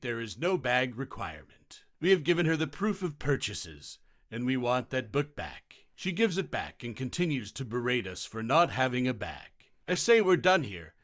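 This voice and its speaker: A man narrating online customer-service stories in a steady, scripted reading style. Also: mid-range voice, dry recording, clean studio sound.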